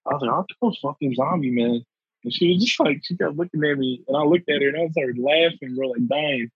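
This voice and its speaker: A man's voice: a little high, fast talker, slightly rough, no room sound, lo-fi sound. Slangy young man telling a story. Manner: animated slangy storyteller, laughs often, says "bro" a lot. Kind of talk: casual storytelling chat.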